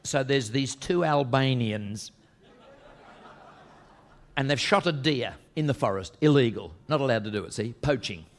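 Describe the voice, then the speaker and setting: A man's voice: medium pitch, lively intonation, unhurried, pauses often. An Australian man from Western Australia, telling stand-up jokes and stories and slipping into put-on voices and accents. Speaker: comedian.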